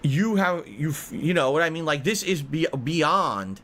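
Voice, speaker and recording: A man's voice: on the high side, lively intonation, unhurried, few pauses, a bit bright. A man hosting a podcast, ranting angrily about money, swearing and circling back to repeat his points. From United States. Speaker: podcast host. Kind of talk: heated podcast rant.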